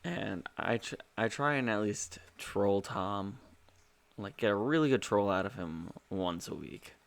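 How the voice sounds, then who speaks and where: A man's voice: fairly low pitch, animated, a little slow, creaky. A man co-hosting a podcast in casual chat, teasing his friend and laughing often. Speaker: podcast co-host.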